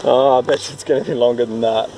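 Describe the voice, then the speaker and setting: A man talking casually to the camera in a self-filmed vlog, excitable and rambling, outdoors on a trail. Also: medium pitch, fast talker. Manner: excitable, rambling, swears mildly. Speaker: vlogger, trail runner.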